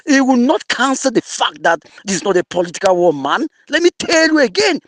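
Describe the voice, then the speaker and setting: A man's voice: extremely high pitch, very animated, a little fast, no room sound. A man with a Cameroonian English accent mixing in Pidgin, angrily insulting an opponent in an online audio debate. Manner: angry, insulting, mocking.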